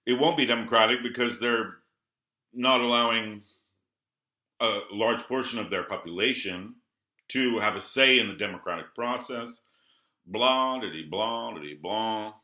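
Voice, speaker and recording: A man vlogging a rambling early-morning monologue. He swings between low mutters and heated outbursts, swears, and keeps apologizing. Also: unhurried, sharp tone. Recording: roomy echo.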